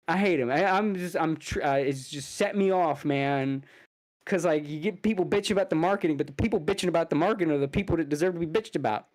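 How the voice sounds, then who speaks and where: Man, podcast co-host, angry profane rant, fast bursts, voice jumps high when heated. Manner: fast bursts and sudden loud jumps in pitch.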